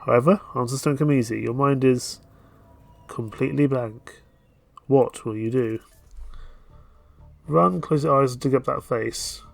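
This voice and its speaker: A man's voice: mid-range voice, steady tone, normal speed, creaky, a little mellow, dry recording, soft background music. A man playing a dating game on stream, reading its narration aloud and dropping playful, jokey asides.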